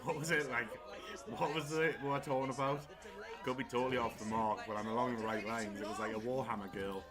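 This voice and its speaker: A man's voice: medium pitch, fairly even intonation, quick pace. A man hosting a casual watchalong stream, rambling and swearing freely. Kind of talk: casual chat. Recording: wrestling crowd noise behind.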